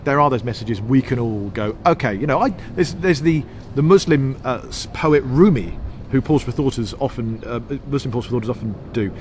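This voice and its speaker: A man from England, a comedian and comedy writer, chatting casually in an interview. He rambles on in long stretches, restarting his sentences and poking fun at himself, at an average pitch. A faint hiss of noise sits under his voice. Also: expressive, a little fast, few pauses, darkish tone. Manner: rambling, self-deprecating, talks in long runs with restarts.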